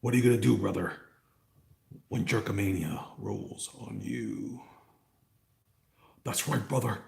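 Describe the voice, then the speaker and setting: A man's voice: fairly low pitch, unhurried, creaky, darkish tone, reverberant. A man putting on the voice of a brash, boastful male pro wrestler who growls catchphrases and calls everyone brother.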